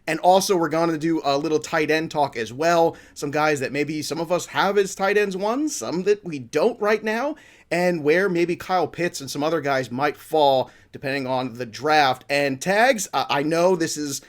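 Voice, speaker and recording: A man's voice: a little high, normal speed. A man hosting a fantasy football talk show, joking and enthusiastic, with a rambling, playful manner. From Italian-American family. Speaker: podcast host. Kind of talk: upbeat sports talk.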